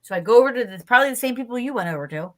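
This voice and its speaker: A woman's voice: on the high side, expressive, very fast, a bit bright. A woman co-hosting a casual chat show, telling a story bluntly and animatedly with plenty of swearing. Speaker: podcast co-host.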